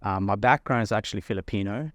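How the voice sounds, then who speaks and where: A man's voice: on the low side, quick pace, no room sound, clean studio sound. A man from Darwin with an Australian accent, a podcast guest chatting casually and acting out quoted exchanges with frequent laughs. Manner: animated storyteller, acts out quotes, laughs often. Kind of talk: casual chat.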